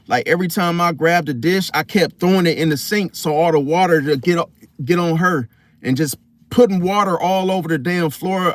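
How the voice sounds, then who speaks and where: With a voice on the high side, this man spins a story for his audience, addressing them directly in loose, cuss-heavy slang. He runs an astrology vlog, and the clip is a dry recording with an animated, casual feel.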